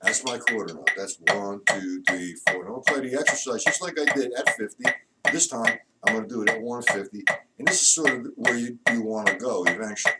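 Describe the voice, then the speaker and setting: A man's voice: fairly low pitch, a little fast, recorded from a distance, heavy background noise. A man teaching a drum lesson, counting beats aloud and explaining rudiments in a plain, instructive way.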